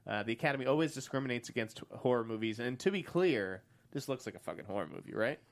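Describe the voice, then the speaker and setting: A man's voice: mid-range voice, animated, quick pace. A man co-hosting a casual movie podcast. He is blunt and cusses freely, and he laughs easily between points. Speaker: podcast co-host. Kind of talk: casual movie news chat.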